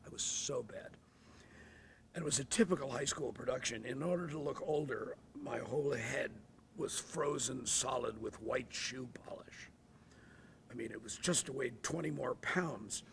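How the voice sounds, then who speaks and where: A man in his sixties, an actor telling stories in an interview, animated and dropping to hushed asides. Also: mid-range voice, moderate pace, gravelly, slight background noise. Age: 60s. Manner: animated, drops to hushed asides, acts out voices. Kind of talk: anecdotal storytelling. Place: theatre.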